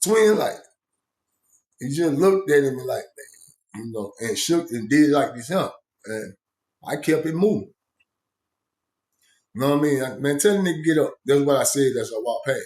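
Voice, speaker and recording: A man's voice: mid-range voice, lively intonation, moderate pace, pauses often, a little mellow. A man casually telling a story from his own past, rambling with slang and many asides. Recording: echoey room.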